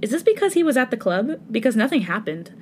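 A woman voicing the defiant young heroine of a fanfic reading, going a little higher in pitch. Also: very animated, fast, darkish tone, slight background noise. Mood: hurt.

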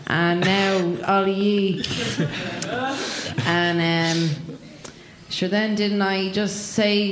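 An Irish woman, a comedian guest, tells a rambling, swearing comic story at a live venue with an audience, laughing as she goes. Her medium-pitched voice has little pitch movement, with drawn-out words and frequent pauses. The live recording is echoey and noisy.

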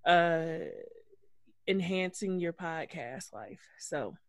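A man co-hosting a podcast, recapping reality TV in an animated, gossipy way with plenty of cursing. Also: on the high side, slow, no echo, studio quality. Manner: animated, gossipy, profane storytelling. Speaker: podcast co-host. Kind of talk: casual reality-TV recap chat.

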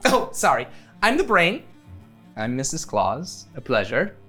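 A sweet, fluttery old lady who is really a talking brain, put on by a game master. Her voice leaps up and down as she rambles and chirps, with soft music in the background. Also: fairly high pitch, wildly swooping pitch, measured pace, full character voice. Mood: relieved, sweet. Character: sweet old woman, a disembodied brain calling herself Mrs. Claus.

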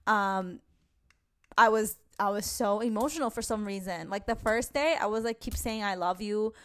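A woman's voice: mid-range voice, normal speed. Chatty New woman, casual swearing. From New York. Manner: chatty, swearing, many fillers and restarts. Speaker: podcast host. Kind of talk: casual chat.

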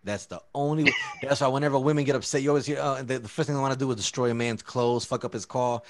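A man in casual chat, ranting with lots of swearing. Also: medium pitch. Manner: fast, profane, animated ranting.

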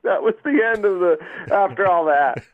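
Over a tinny, phone-like line, a podcast guest with a high-pitched voice and lively intonation spins rambling, profane stories at a normal speed. He acts out quotes with plenty of swearing in this casual chat.

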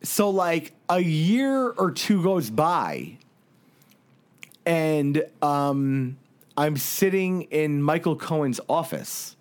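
A man with a fairly high voice tells a long anecdote in a loose podcast chat. He circles back and restarts his sentences, leans on fillers, and laughs at his own story as it goes. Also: very animated, drawn-out words, clear, resonant tone. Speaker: podcast co-host.

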